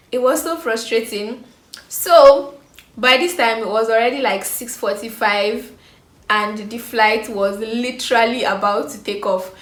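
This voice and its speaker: A woman's voice: a little high, normal speed. A young woman in her twenties with a Nigerian accent, telling a storytime vlog and acting out the people in it. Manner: animated storytelling, acting out other people's lines. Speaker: vlogger. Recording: echoey room with faint ambience.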